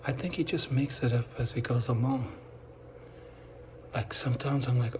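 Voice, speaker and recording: While installing wallpaper, a middle-aged man chats casually in a how-to style, drifting into hushed asides as he works. His voice is medium-pitched and steady at a moderate pace, with a little hiss or hum in the room being wallpapered.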